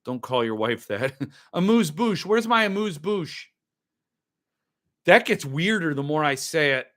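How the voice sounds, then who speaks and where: A man's voice: a little high, very animated, moderate pace, fairly bright tone. A man hosting a podcast, rambling in loose, joking casual chat while he opens and drinks wine. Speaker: podcast host.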